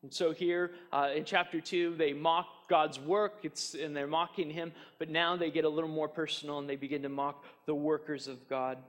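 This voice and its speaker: A man's voice: on the high side, level tone, moderate pace, few pauses. A man preaching a sermon as pastor, earnest and emphatic, often repeating his points. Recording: long hall reverb.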